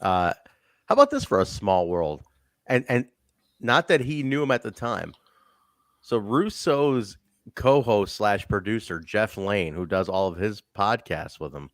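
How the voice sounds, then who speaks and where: A man hosting a casual podcast chat, animated and laughing often. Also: on the low side, a little slow, no echo, studio quality. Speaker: podcast host.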